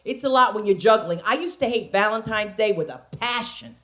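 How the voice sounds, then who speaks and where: A woman's voice: mid-range voice, fairly quick, fairly bright tone. A woman comedian performing a stand-up set on a comedy club stage, sassy and conversational with punchy delivery.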